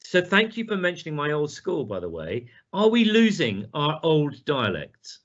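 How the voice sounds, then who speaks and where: A man moderating a question session, reading out audience questions in a brisk way. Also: a little high, wildly swooping pitch. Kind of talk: hosting a Q&A. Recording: dull lo-fi livestream audio.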